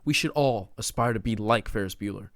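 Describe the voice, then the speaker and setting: In a casual, riled-up podcast monologue, a male host rants in slang, repeatedly throwing in "dude" and "man." His pitch is fairly low and he talks fairly quickly, captured in clean studio sound with no room noise.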